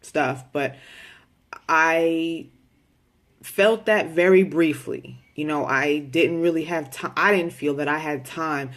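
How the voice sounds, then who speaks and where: Frank, talkative mom speaking in a home video diary, direct and casual. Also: female voice, deep voice, slow, a bit bright. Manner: candid and talkative, with many repeated words; direct, with folksy slang. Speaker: mother of a special needs child.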